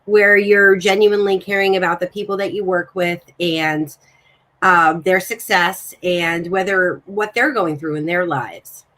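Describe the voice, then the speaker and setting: A woman's voice: fairly low pitch, fairly even intonation, a little slow, fairly bright tone, rough recording. A woman hosting a talk show over a video call, speaking in an earnest, affirming way. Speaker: show host. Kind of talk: hosted talk-show conversation.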